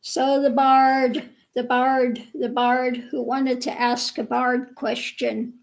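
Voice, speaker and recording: High-pitched woman chatting slow with her viewers, laughs a lot, voice kinda worn. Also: little pitch movement, gravelly, poor audio. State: voice a bit worn. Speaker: livestream host. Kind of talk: casual live chat with viewers.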